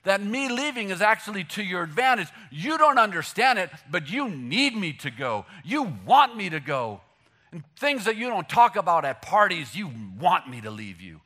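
A man preaching, his voice pitched high and bright. He jokes freely, pushes his punchlines out loudly, then drops to a near hush to land a point. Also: normal speed. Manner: animated, joking, shifts from loud punchlines to hushed emphasis. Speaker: pastor. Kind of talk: sermon.

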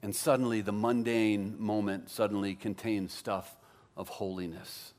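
A man's voice: fairly low pitch, little pitch movement, unhurried, a little mellow. A man preaching a sermon as pastor, conversational and joking, with self-deprecating asides.

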